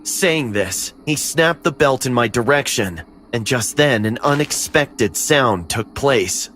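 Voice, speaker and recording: A man narrating a scripted horror story in the first person, steady and dramatic. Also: mid-range voice, slow.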